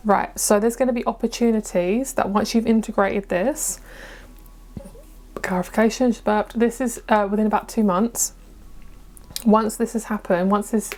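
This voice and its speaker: Brief: woman, mid-pitched voice, chatty and reassuring tarot reader talking to camera, trips over tricky words. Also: darkish tone. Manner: chatty and encouraging, stumbles over hard words. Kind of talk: pick-a-card tarot reading to camera.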